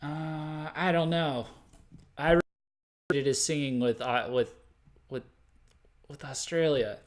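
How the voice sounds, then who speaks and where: A man's voice: mid-range voice, slow pace, pauses often. A man from the United States hosting a music news livestream, talking off the cuff with lots of fillers, restarts and self-corrections. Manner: laughs at his own mistakes. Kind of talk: unscripted livestream commentary.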